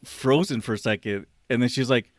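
A man's voice: medium pitch, brisk, no echo, clean studio sound. A man co-hosting a podcast, telling a funny story in casual chat. He laughs as he talks and acts out what people said. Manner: animated, laughing storyteller who acts out quotes. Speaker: podcast co-host.

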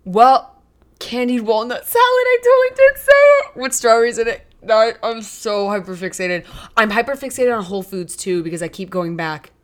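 A young woman co-hosting a podcast in casual chat, animated and giggly with quick reactions. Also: on the high side. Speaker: podcast co-host.

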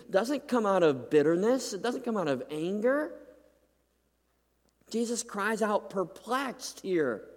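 A man preaching a sermon, swinging from loud, pleading peaks to hushed, near-whispered drops, often checking in with "right?". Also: high-pitched, lively intonation, measured pace. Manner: emphatic, dramatic rises and hushed drops, repeats "right?". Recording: long hall reverb.

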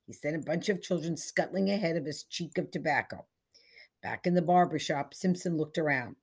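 A woman reading a short story aloud as scripted narration, in a measured storytelling manner. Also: deep voice, a little mellow, breathy edge. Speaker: story reader.

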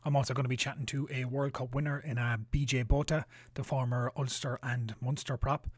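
A man opens his podcast with a steady, friendly read. His voice sits in a middle pitch and sounds close and dry, with no room around it. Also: fairly quick, no echo. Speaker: podcast host. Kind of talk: scripted podcast intro.

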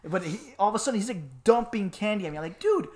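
A man co-hosting a casual chat podcast, telling stories with animated voices for the people in them. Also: racing. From Miami. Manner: animated storyteller, acts out voices with big pitch jumps. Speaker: podcast co-host.

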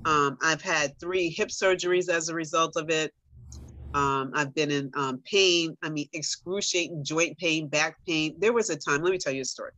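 A woman's voice: deep voice, moderate pace, pushed and bright, dry recording. A middle-aged woman in casual conversation, telling her own story animatedly and talking straight to her listeners. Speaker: guest sharing her story.

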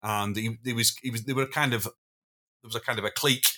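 Male podcast guest, anecdotal rambler who restarts his sentences, mid-pitched and bright. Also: fairly even intonation, fast. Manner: rambling storyteller, self-interrupting, chuckling. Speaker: podcast guest, former drummer. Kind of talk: casual anecdotal chat.

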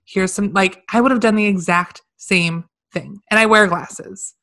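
A woman's voice: mid-range voice, a little slow, fairly bright tone. A woman co-hosting a casual chat, talking in a reassuring, conversational way. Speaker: podcast co-host.

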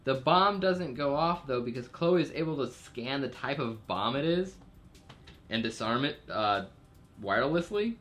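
A man's voice: mid-range voice, animated, unhurried, fairly bright tone. A man casually recapping a TV episode's plot for a podcast, rambling with fillers and jokey asides. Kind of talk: casual chat.

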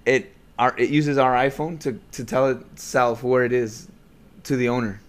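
A man's voice: medium pitch, fairly even intonation, normal speed. A man in his late twenties hosting a podcast from home, chatting casually, rambling and laughing often, recorded on a desk USB mic. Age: 20s. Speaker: podcast host. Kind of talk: casual chat. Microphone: desk USB microphone.

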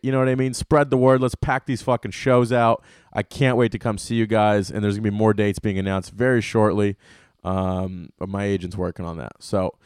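A man's voice: medium pitch, a little mellow, clear, resonant tone, no room sound, studio quality. A young man hosting a comedy podcast solo, ranting and telling stories in a loose, profane, rambling way. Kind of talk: casual solo podcast rant.

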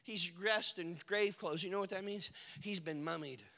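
A male pastor preaching a sermon, retelling scripture scenes with animated storytelling and building to shouted climaxes. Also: high voice, moderate pace, long reverb tail.

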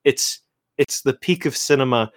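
A woman chatting casually as a podcast co-host, animated and jokey, rambling through a movie scene. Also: extremely low pitch, moderate pace. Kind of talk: casual chat about a movie.

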